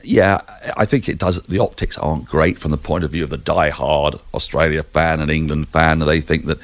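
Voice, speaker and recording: A man joining a podcast as a guest cricket commentator, speaking in a wry, articulate, lively way. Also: rumbling low, normal speed, no room sound. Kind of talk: conversational podcast chat.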